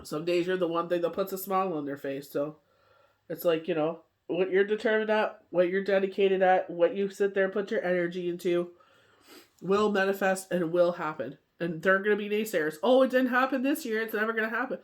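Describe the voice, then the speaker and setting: A woman's voice: on the low side, fairly even intonation, moderate pace. A woman gives a casual daily tarot reading in a loose, rambling way, dropping "you know" and "like" into nearly every sentence. She laughs easily as she talks. Her voice sounds tired, as though she is worn out from coughing. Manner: laughs often while telling stories. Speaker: tarot card reader.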